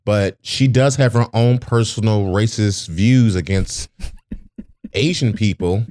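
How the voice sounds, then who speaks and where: A man in casual conversation, telling stories with animated, acted-out quotes. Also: slow pace, dry recording. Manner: animated storyteller, acts out quotes in a high voice. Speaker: podcast co-host. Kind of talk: casual storytelling chat.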